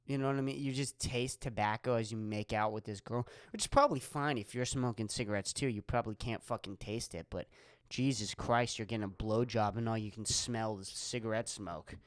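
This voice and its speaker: A man's voice: lowish voice, steady tone, brisk, clear, resonant tone, no room sound, clean studio sound. A young man from Pennsylvania, a stand-up comic hosting his own podcast, rambling casually with lots of swearing and fillers. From Erie, Pennsylvania. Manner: rambling, profane, filler-heavy. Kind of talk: casual solo podcast monologue.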